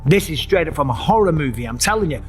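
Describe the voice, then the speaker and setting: Middle-aged host, vivid storyteller, slightly high voice, acts out the scary parts. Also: male voice, fast, faint music behind. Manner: animated, acts out his own screams and voices. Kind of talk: dramatic personal storytelling.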